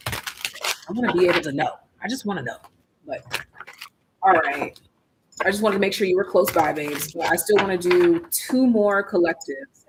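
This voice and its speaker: A tarot reader does a casual live-stream reading, chatty and slangy, thinking aloud and swinging between hushed asides and loud exclamations. Her voice is mid-range with vocal fry, and there's background noise.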